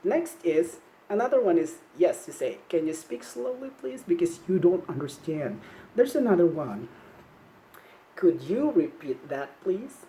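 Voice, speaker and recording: A woman giving an online English teaching demonstration, modeling polite classroom phrases slowly and clearly for young learners to repeat. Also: lowish voice, very animated, mellow, slight background noise, poor audio. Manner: slow, clear, encouraging, modeling phrases for repetition.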